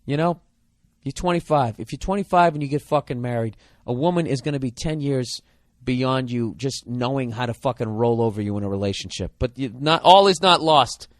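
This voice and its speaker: A man's voice: mid-range voice, brisk, dry recording, studio quality. A man hosting a comedic podcast, giving advice in an exasperated, profane rant.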